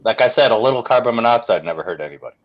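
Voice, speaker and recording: A man's voice: mid-range voice, lively intonation, rapid-fire, lo-fi sound. A man in a casual group chat who teases and laughs often. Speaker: panelist.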